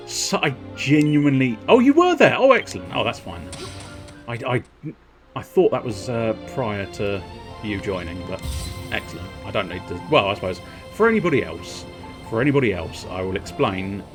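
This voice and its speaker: A man streaming a video game, rambling in casual commentary with wry, chuckling asides. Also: on the low side.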